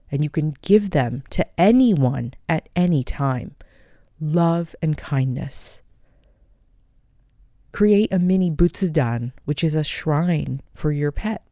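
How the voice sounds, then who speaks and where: A woman hosting her own podcast, speaking in a gentle, heartfelt, unhurried way. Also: deep voice, no echo, studio quality. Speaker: podcast host. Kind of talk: personal podcast talk.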